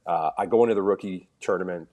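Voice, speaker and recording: A man with a low voice, a former pro hockey player from Canada, guesting on a podcast. He tells long stories in a relaxed, casual way and voices the people he quotes. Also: fast talker. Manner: animated storyteller, acts out quoted dialogue. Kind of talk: casual storytelling interview.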